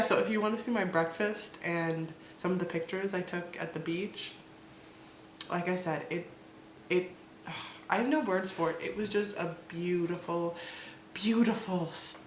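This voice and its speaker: Woman, 20s, chatty vlogger, slightly low voice, echoey room. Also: measured pace. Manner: rambling, animated, laughs often, many restarts. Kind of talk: casual storytelling vlog. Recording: echoey room with faint noise.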